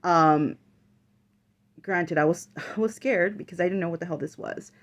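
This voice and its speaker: A woman's voice: fairly low pitch, normal speed. A woman vlogger telling a personal story in casual chat, full of fillers and the odd swear word.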